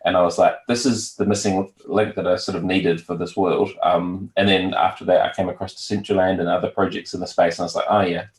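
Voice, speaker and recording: A deep-voiced man with a New Zealand accent talks in a relaxed, halting way, full of ums and uhs. He sounds like a guest on a remote call, and his voice carries an echoey room sound. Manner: relaxed, hesitant with many fillers. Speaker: guest, virtual world founder. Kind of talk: casual interview chat.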